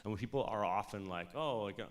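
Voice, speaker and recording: A man in his thirties telling a casual, animated story about his studio years, peppered with swearing and "like" and "you know". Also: lowish voice, fast. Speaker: music producer speaking at an industry showcase.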